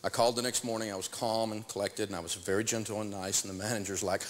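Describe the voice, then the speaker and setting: A middle-aged man teaching a lesson, telling a story in an animated, self-mocking way. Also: lowish voice, fast talker, hardly any pauses, big-room sound, background noise. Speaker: financial teacher. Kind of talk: storytelling lesson to a live audience.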